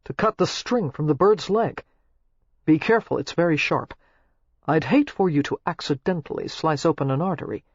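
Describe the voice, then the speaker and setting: A reader voicing a curt, sardonic young gentleman in an audiobook, with a dry, clipped and impatient manner. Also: medium pitch, animated, normal speed, slightly rough, no echo. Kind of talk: audiobook character voice. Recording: dull lo-fi dry recording.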